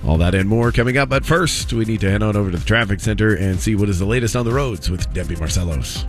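Low-voiced male radio newsreader. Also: music in the background. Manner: steady, measured delivery. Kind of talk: radio news update. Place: radio studio.

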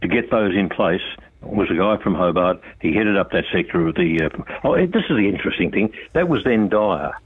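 Australian man, very low husky voice, blunt and forceful, tinny phone line. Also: lively intonation, moderate pace, dry recording. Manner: blunt, forceful, repeats himself. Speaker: guest on radio phone-in. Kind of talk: casual radio chat.

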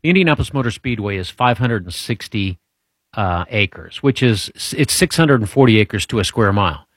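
A man's voice: lowish voice, expressive, normal speed, dry recording, studio quality. Chatty man hosting a trivia quiz. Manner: chatty, jokey, meandering with restarts. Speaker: show host running a trivia quiz. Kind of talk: casual radio-style trivia chat.

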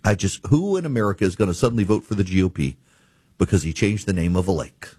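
A man's voice: deep voice, animated, quick pace, warm tone, breathy edge, no room sound. A man hosting a talk radio show, giving emphatic, exasperated political commentary.

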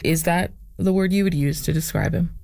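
A man interviewing a guest on radio, asking gentle, conversational questions. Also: fairly high pitch, moderate pace, creaky, no echo.

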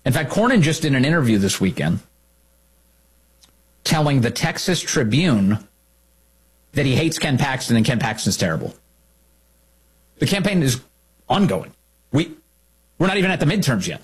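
A man's voice: mid-range voice, very animated, moderate pace, pauses often, husky. A man hosting opinionated political commentary, sarcastic, indignant and emphatic in his delivery.

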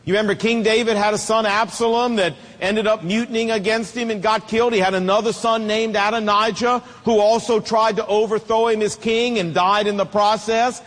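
A man's voice: high-pitched, little pitch movement, brisk, hardly any pauses, fairly bright tone, big-room sound. A middle-aged man preaching a sermon, emphatic and telling stories with acted quotes.

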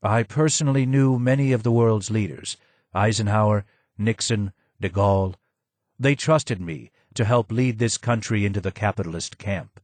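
A ruined older man speaks from the shadows in a low, hoarse voice, as a male reader puts him on. He is slow, subdued and more sad than angry. The sound is dry and close. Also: a little mellow, no echo, close to an everyday voice. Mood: sad, grim. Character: broken, maimed older man, former royal advisor.

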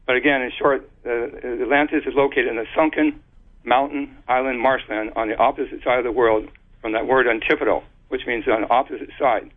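A man speaks as an interview guest, laying out his theory haltingly with frequent restarts and spelled-out letters. His voice sits in a middle pitch. It comes through a narrow, tinny phone line. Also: fairly even intonation.

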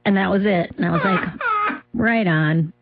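A woman comedian from Minnesota, talking in a halting, self-deprecating way as an interview guest. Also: medium pitch, wildly swooping pitch, gravelly, dry recording, phone-quality sound. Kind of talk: casual interview talk.

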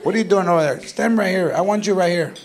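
A man's voice: sits high, fast talker, vocal fry. A man voicing a tough older grandmother who scolds her grandchild, threatening and mixing into English, in stand-up comedy. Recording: loud live club with laughing crowd.

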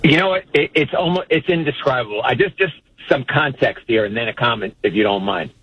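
A man calling in to a sports radio show, telling a family story in an animated way, laughing as he goes. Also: medium pitch, fairly quick, muffled recording, a little hiss or hum. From New York. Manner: animated storyteller, laughing at his own tale. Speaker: caller. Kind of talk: phone-in call.

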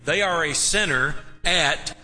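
A man preaches in a slow, deliberate cadence, stretching key words for emphasis. His voice is bright and a little high. Long reverb from a large church sanctuary trails every phrase. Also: faint music behind. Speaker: pastor. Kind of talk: sermon.

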